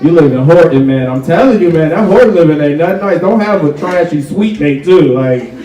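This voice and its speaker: A young man from Chicago doing stand-up at a college show, his slightly high voice sounding a little distant from the mic. The room is roomy and echoing. He talks in a loose, chatty way, leaning on "like" and "right?". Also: lively intonation, brisk, mellow, faint music behind. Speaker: stand-up comedian. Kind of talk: stand-up comedy set. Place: college auditorium with a live audience.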